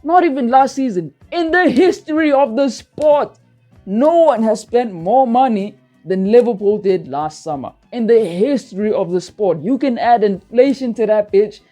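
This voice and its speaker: A man's voice: extremely high pitch, expressive, normal speed, mellow, soft background music. A man hosting a football channel, ranting heatedly and profanely, repeating himself for emphasis. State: worked up, feels hot-headed. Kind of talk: heated football rant to camera.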